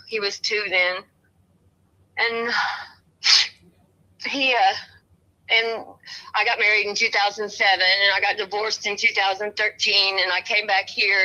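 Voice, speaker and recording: A woman's voice: mid-range voice, rough recording. A woman in her fifties selling a house over the phone, chilled and shivering, rambling from one thing to the next with many restarts. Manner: rambling, meandering, with many restarts and soft laughs. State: cold and shivering. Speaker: home seller on a phone call.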